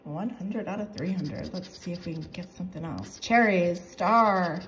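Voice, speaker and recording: A woman calling out numbers as she scratches lottery tickets, excitable and quick to laugh. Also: fairly low pitch, a little hiss or hum. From North Carolina. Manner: reads numbers aloud, excitable, laughs often. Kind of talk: casual commentary while scratching tickets.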